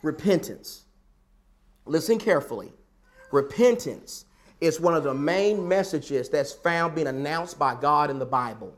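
A man's voice: fairly high pitch, lively intonation, measured pace. A man preaching a sermon, emphatic and repetitive, building his points with rhetorical questions.

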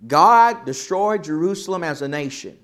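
A man leading a Bible study lesson, quizzing the class and swinging from loud emphasis to quiet, soft remarks. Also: on the high side, animated, normal speed. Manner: questions the class, swells loud then drops soft for emphasis.

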